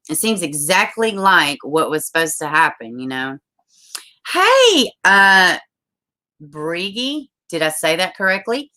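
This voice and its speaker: Low-pitched bright-toned woman streamer. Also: expressive, unhurried. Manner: chatty, laughs often, reads viewer comments aloud. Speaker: livestream host. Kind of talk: casual live-stream chat and news reading.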